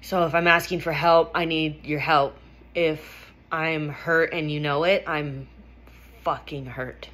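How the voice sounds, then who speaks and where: A woman's voice: sits low, fairly even intonation, slow pace, fairly bright tone. A woman vlogger telling a personal story in a candid, emphatic way, swearing freely.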